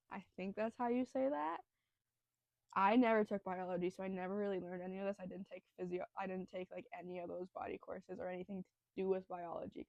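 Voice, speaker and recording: A woman's voice: medium pitch, darkish tone, dry recording. A young woman hosting a casual educational podcast, nervous and breathing heavily, rambling through the material with lots of fillers and self-deprecating asides. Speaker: student host explaining biology.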